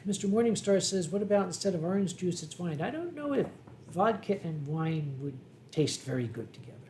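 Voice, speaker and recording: A man with a Philadelphia accent hosting a casual livestream from home, reading viewer comments in a dry, wry way and often clearing his throat. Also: high-pitched, expressive, moderate pace, mellow, slight background noise. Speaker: livestream host. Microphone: desk microphone.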